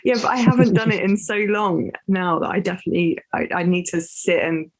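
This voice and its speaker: A woman's voice: on the low side, brisk. A young woman hosting a podcast, chatting casually with frequent laughs and hesitant fillers. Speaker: podcast host. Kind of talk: casual chat.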